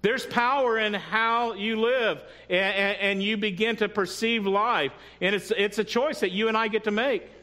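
A man's voice: sits high, steady tone, normal speed, hardly any pauses, bright, forceful tone. A man preaching a sermon who often checks in with the congregation and adds humorous asides. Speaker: pastor.

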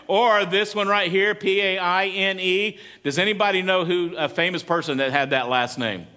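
A pastor preaching in an easy, chatty way, often turning to ask the congregation questions. His voice sits high for a man and has a bright, forceful edge. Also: moderate pace. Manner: conversational, asks the congregation questions. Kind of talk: sermon.

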